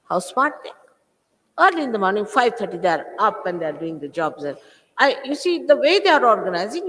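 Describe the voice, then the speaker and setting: A woman's voice: on the high side, fairly bright tone. Scolding woman in her sixties, echoey hall. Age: 60s. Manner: scolding, emphatic, full of rhetorical questions. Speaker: spiritual teacher. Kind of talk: spiritual talk to followers. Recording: echoey hall, old 1980s recording.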